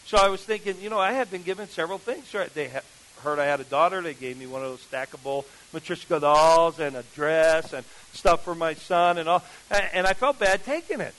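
A preacher with a notably high voice tells a story from the pulpit. He is animated and acts out each person he meets, turning the sermon into lively storytelling. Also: a little fast, low-quality recording.

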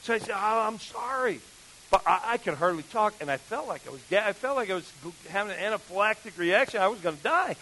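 A preacher with a notably high voice tells a story from the pulpit. He is animated and acts out each person he meets, turning the sermon into lively storytelling. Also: fast, few pauses, slight background noise, rough recording.

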